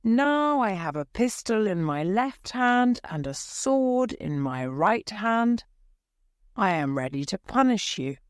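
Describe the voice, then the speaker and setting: A woman's voice: medium pitch, very animated, takes it slowly, clear, resonant tone, dry recording, studio quality, voice pushed up. A woman voicing a confident masked male swordsman hero in a storybook reading. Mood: commanding. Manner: confident, commanding.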